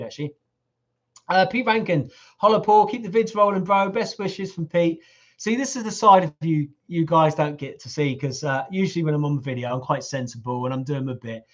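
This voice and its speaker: A middle-aged man, hosting a casual live Q&A, reading out viewer comments and teasing them with jokes. His voice is starting to go hoarse. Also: a little high, brisk. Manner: jokey, teasing, chatty. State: voice going hoarse. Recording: lo-fi livestream audio.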